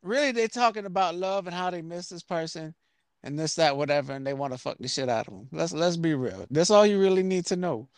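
A man's voice: a little high, a little fast, smooth, no room sound. A man hosting a podcast in casual chat, joking and ranting with plenty of swearing. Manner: joking, profane, rambling rants. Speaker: podcast host.

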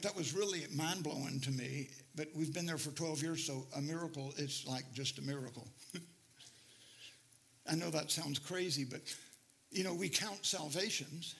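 A middle-aged man, a missionary preacher telling stories in an animated sermon, often laughing. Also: medium pitch. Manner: animated, laughing, rises to near-shouting in stories. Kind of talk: sermon storytelling.

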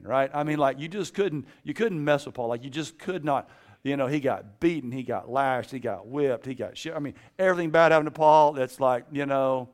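Animated, conversational male preacher. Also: mid-range voice, normal speed. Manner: animated, conversational, sliding into hushed intensity. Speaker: campus preacher. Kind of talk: casual sermon.

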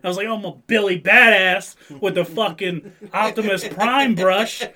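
High-voiced profane young man. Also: moderate pace. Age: 20s. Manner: profane, rowdy storytelling with loud acted-out quotes. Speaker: podcast co-host. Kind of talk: casual storytelling chat.

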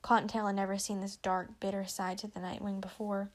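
A woman's voice: medium pitch, level tone, fairly quick. Woman reading a dragon story aloud. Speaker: reader.

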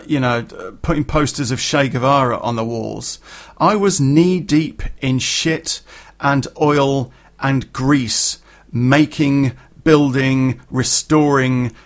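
A man's voice: fairly high pitch, gravelly. A middle-aged man telling a personal story for a podcast in a blunt, earthy way, with swearing and plenty of fillers. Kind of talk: casual spoken storytelling.

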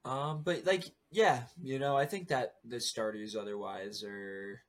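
A man co-hosting a podcast, talking in a relaxed, rambling way with many fillers. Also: mid-range voice, measured pace. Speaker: podcast co-host. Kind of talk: casual chat about competitive game strategy.

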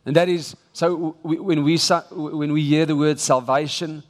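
A man with a South African English accent delivers an emphatic, exhorting sermon with a fairly high voice. He often restarts his phrases. His words ring out with the long reverb of a large church hall. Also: fairly even intonation, normal speed. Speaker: preacher.

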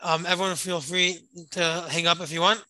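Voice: medium pitch, fairly even intonation, moderate pace, sharp tone, dry recording, low-quality recording. A Torah study leader telling a story to a group on a call, rambling and repeating words, explaining Hebrew terms as they go. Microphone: call or online meeting.

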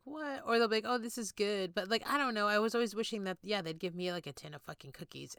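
A woman co-hosting a casual podcast, talking in an animated, emphatic way and swearing constantly. Her voice is bright and smooth, and it sits close on a dry mic. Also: mid-range voice, dry recording. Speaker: podcast co-host. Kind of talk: casual chat.

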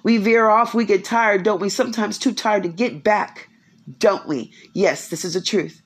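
Woman in her fifties, spiritual talk, emphatic, repeats herself, rhetorical questions, quiet home. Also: mid-range voice, normal speed, husky. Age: 50s. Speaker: faith speaker.

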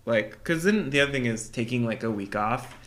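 A young man co-hosting a casual podcast, his voice at an ordinary middle pitch. He rambles through his points, hesitating and restarting often. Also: animated, fairly bright tone. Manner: rambling, halting with many fillers and restarts. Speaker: podcast co-host. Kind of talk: casual chat.

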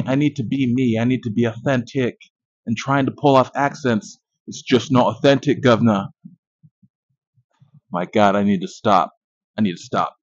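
A man's voice: fairly low pitch, no room sound. Profane, boastful male podcast host. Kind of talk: casual movie review monologue. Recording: dull lo-fi dry recording.

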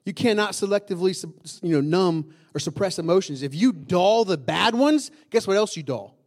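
A man's voice: high-pitched, expressive, normal speed. A man preaching a sermon to a congregation in a conversational style, often asking the room questions and repeating key lines for emphasis. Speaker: pastor.

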